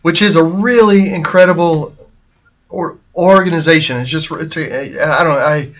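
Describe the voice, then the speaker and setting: A man's voice: on the high side, moderate pace. A man hosting a casual show from his art studio, talking in a rambling way with many fillers and restarts. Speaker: painter and host.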